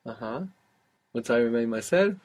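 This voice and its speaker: A man's voice: medium pitch, animated, normal speed, a little mellow. A man teaching a language lesson, patiently prompting a student and praising each answer. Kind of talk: guided audio language lesson.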